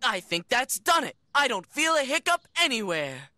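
A woman voicing a gentle, apologetic young male lion in a children's cartoon. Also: a little high, big pitch swings, moderate pace, dry recording. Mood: fretful. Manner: fretful and apologetic. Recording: music playing under voice.

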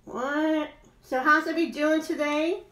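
Lady doing a live jewelry stream, high bright voice, chatty and sing-songy. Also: fairly even intonation, moderate pace. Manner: playful, sing-song, chatty and rambling. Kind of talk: casual live-stream chat.

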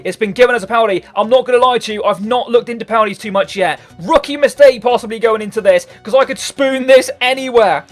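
A man in his twenties giving excitable live gameplay commentary, swearing often and bursting into shouts. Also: very high voice, normal speed. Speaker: gaming YouTuber. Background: faint background music.

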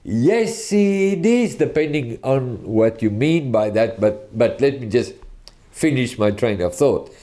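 A man preaching a sermon, teaching in an earnest, deliberate way and often restarting his sentences. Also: mid-range voice, animated, warm tone.

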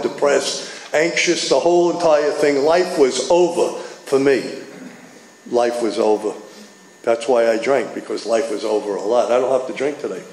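An older man tells his recovery story to a meeting in a fairly high, animated voice, slipping into the lines of the people he quotes. The room is echoey, with a faint hiss behind him. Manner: animated storytelling, acts out dialogue. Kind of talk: personal recovery talk. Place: meeting hall.

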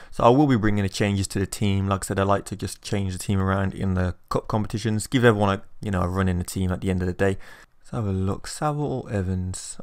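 A young man giving excitable live commentary on a football video game, shouting at his players. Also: lowish voice. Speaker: gaming YouTuber.

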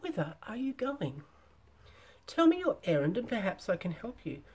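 A woman voicing a withered, crafty old hag in a storybook reading, with husky, insistent speech. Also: medium pitch, big pitch swings, normal speed, a little mellow, voice pushed up. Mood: coaxing.

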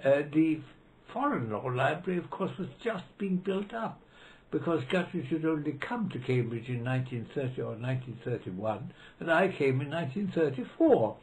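A man's voice: a little high, lively intonation, moderate pace, poor audio. Man in his nineties. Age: 90s. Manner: hesitant, with many fillers and restarts. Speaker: interviewee, retired law professor. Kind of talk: reminiscing interview. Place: library room.

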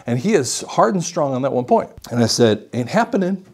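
A male audiologist explaining a patient case as a lively story, acting out what the patient said. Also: medium pitch, brisk, breathy edge. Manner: animated storytelling, acts out the patient's lines.

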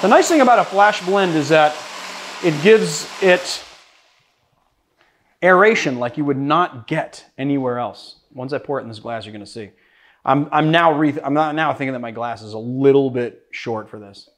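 A man's voice: a little high, normal speed, fairly bright tone. Chatty joking man hosting a cocktail tutorial. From Boston, USA. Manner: chatty, joking, self-deprecating. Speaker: cocktail show host.

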